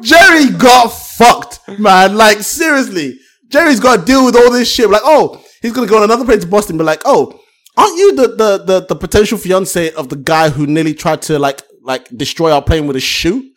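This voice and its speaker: A man co-hosting a casual film podcast, talking with loud energy and frequent laughter. His voice sits high and swings widely in pitch, and he curses freely. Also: a little fast. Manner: animated, swears a lot, laughs often. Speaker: podcast co-host.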